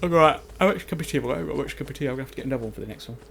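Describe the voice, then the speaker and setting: A man's voice: mid-range voice, very fast, gravelly, slight background noise. Rambling man commenting on a game. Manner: chatty, rambling, self-mocking. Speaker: Let's Play commentator.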